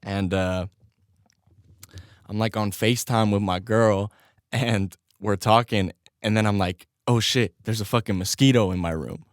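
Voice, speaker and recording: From his home studio, a man hosting his own podcast tells a story casually and animatedly, swearing constantly and laughing along. His voice is lowish and his pace measured, on a dry recording.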